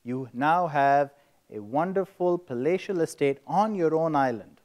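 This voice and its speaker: A man voicing an old male genie in a joke, told in a deadpan storyteller's way. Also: a little high, measured pace. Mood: sly.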